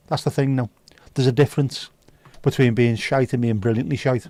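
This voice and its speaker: A man's voice: mid-range voice, steady tone, normal speed, mellow, dry recording. A man hosting a livestream, reading viewer comments aloud with sweary, jokey banter. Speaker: livestream host. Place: indoors.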